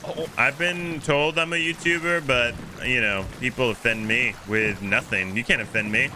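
A young man hosts a game stream and chats casually with friends, joking around and now and then slipping into mock-solemn preaching. He speaks in a mid-range voice at a moderate pace, with background noise.

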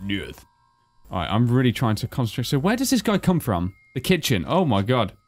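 A man's voice: medium pitch, very animated, fast, darkish tone, faint music behind. A British man co-hosting a gaming video, chatting casually and muttering to himself as he concentrates on a horror game. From Britain. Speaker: gaming channel co-host. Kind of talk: casual let's-play chat.

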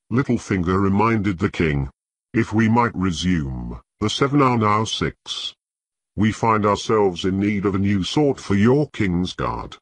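Slow husky male audiobook narrator. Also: fairly low pitch, no echo. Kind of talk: scripted narration of a fantasy novel.

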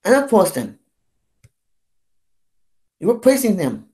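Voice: mid-range voice, sing-song, slow pace, warm tone. Fed-up young vlogger ranting. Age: 20s. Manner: fed-up, rambling and repetitive, with swearing and false starts. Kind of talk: ranting vlog monologue.

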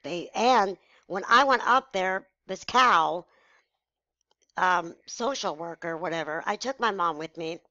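A woman's voice: fairly low pitch, a little slow, bright, forceful tone, dry recording, muffled recording. A woman in her forties telling a personal story to her viewers, frank, emotional and blunt. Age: 40s. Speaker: vlogger. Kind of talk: candid personal story to camera.

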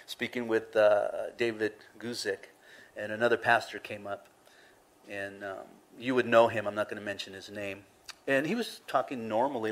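A man's voice: medium pitch, fairly bright tone. A male pastor, preaching a casual, conversational sermon full of laughs and acted-out asides.

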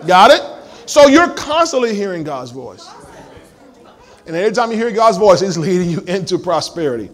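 A man's voice: high-pitched, big pitch swings, moderate pace, some chatter behind. A male pastor preaching a sermon in a church, emphatic and full of call-and-response questions to the congregation.

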